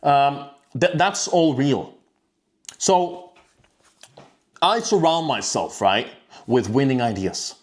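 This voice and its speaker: A man delivering a self-improvement rant straight to the viewer. His voice sits at an ordinary middle pitch, and he talks bluntly and profanely. He keeps doubling back and restarting his sentences as he goes. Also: animated, slow, pauses often. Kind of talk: casual monologue to camera.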